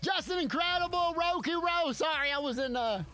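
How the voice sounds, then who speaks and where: High, bright-voiced hyped male streamer. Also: normal speed. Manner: hyped, shouts and laughs during fights. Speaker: game streamer. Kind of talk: live gameplay commentary.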